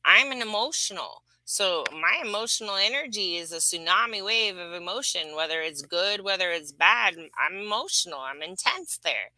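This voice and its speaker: A woman's voice: mid-range voice, lively intonation, normal speed, hardly any pauses, pushed and bright, dry recording, low-quality recording. A woman reading human design charts, talking casually and emphatically, rambling with fillers. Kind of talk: casual spiritual teaching chat.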